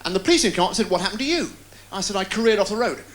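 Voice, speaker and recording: A man doing stand-up, firing off deadpan one-liners and puns. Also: sits high. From England. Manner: rapid-fire deadpan puns with quick delivery. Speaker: stand-up comedian. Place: live TV studio with a laughing audience. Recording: loud crowd laughter, noisy 1990s TV broadcast.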